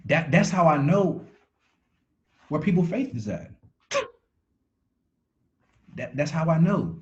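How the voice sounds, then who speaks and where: A man's voice: on the high side, animated, takes it slowly, lo-fi sound. A man giving a motivational talk on a call, preachy, repeating phrases for emphasis and restarting words as he goes. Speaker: motivational speaker.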